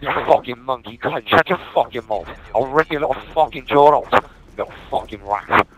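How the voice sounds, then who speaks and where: A man from Wales in angry in-game voice chat, shouting threats and swearing heavily. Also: medium pitch, a little fast, poor audio. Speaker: online gamer.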